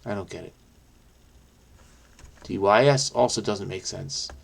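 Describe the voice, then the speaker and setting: A man thinking aloud as he solves a crossword, muttering to himself with many fillers and self-corrections, quick bursts between slower musing. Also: fairly low pitch, gravelly, slightly rough. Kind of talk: thinking aloud while solving.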